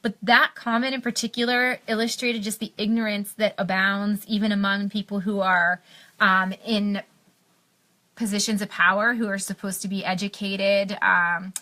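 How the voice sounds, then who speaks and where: Young american woman venting on a live stream, bright punchy voice, lots of ums and restarts. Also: medium pitch, level tone, normal speed. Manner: impassioned, many fillers and restarts. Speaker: health blogger on a live stream.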